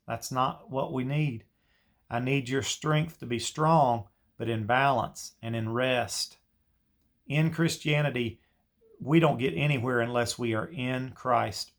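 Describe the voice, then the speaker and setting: Guy teaching a christian breathing meditation, earnest, keeps repeating himself, mid-pitched voice. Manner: earnest, repetitive, coaching tone. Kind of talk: spoken devotional teaching.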